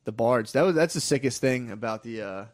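A man's voice: medium pitch, lively intonation, fairly quick, no room sound, studio quality. A young man co-hosting a podcast, chatting in loose, profane, slangy banter. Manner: laid-back, profane, slangy, puts on silly voices for quotes. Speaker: podcast co-host. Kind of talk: casual crude banter.

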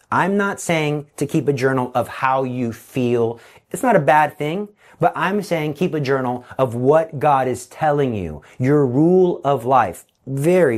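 A man preaching a sermon in an animated storytelling manner. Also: medium pitch. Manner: animated storytelling with acted voices. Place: Texas.

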